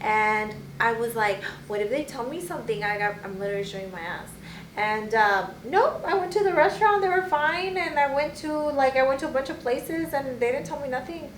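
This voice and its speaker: A woman's voice: high voice, animated, fairly quick, roomy sound, slight background noise, poor audio. A young woman co-hosting a casual podcast chat, blunt and emphatic with slangy talk. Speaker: podcast co-host.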